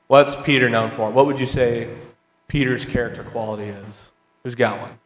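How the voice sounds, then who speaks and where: A man with a medium-pitched, steady voice speaking at normal speed runs a Bible class in a church auditorium. He talks with the class, asks them questions, and reads scripture aloud, all echoing with the long reverb of the large hall.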